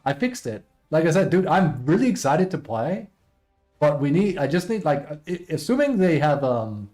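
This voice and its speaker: A man with a slightly high voice chats casually to his stream audience. He rambles and pokes fun at himself as he answers chat. Faint music plays behind him. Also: mellow. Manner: rambling, self-deprecating, reads chat aloud.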